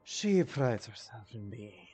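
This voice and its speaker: A man's voice: medium pitch, very animated, slow pace, warm tone, slightly rough, heavily acted. A man voicing a formal, ominous informant who speaks in grave, old-fashioned phrases.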